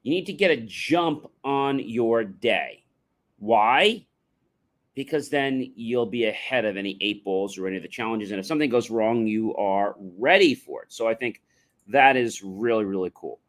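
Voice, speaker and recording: A man's voice: fairly low pitch, normal speed. A man giving a motivational livestream talk, addressing the audience directly and emphatically, sometimes chanting catchphrases. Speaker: motivational speaker.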